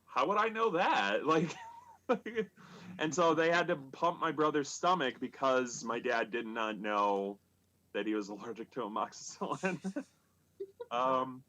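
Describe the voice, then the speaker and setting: A man with a bright, sharp-toned voice tells a comic family story over a video call. He hedges and restarts often, padding his lines with fillers. His pitch sits in an ordinary middle range. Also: expressive, unhurried, dull audio. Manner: hesitant, many fillers and restarts. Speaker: stand-up comic. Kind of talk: comedic storytelling.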